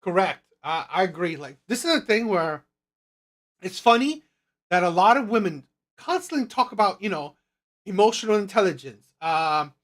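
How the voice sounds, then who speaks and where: A woman's voice: mid-range voice, lively intonation, moderate pace. A woman hosting her own commentary channel, giving blunt, emphatic opinions and repeating her points.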